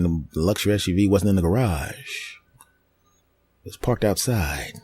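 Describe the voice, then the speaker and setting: Male podcast host, deep and dark-toned, rambling crude comic storyteller. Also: breathy edge. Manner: crude, rambling, mock-dramatic. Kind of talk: comedic storytelling monologue.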